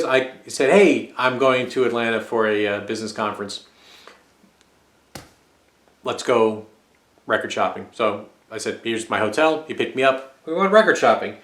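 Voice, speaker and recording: An American man chats loosely about his vinyl finds in an easygoing, meandering way, often stopping on "uh" between thoughts. His voice sits at an ordinary middle pitch and carries a noticeable echo from the room around him. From United States. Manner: rambling and relaxed, with frequent fillers. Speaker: vinyl record collector. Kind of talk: casual record-collecting vlog. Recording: echoey room.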